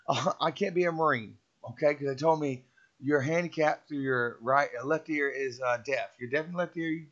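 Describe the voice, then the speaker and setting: A middle-aged man giving a rambling, emphatic motivational talk, repeating himself and preaching to the listener. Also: on the high side. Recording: dull lo-fi sound.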